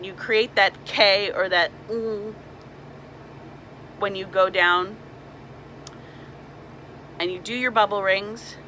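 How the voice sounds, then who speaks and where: A woman's voice: mid-range voice, bright, forceful tone, slight background noise, low-quality recording. A young woman, a mermaid performer, casually explaining swim tips and demonstrating nasal sounds.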